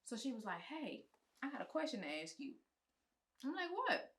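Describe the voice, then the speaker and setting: A woman's voice: high-pitched, normal speed. A woman, a guest on a chat show, telling a personal story in casual, colloquial speech and acting out what others said. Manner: animated, acts out the quoted lines of others; colloquial, frank speech with swearing. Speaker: guest, film producer and writer.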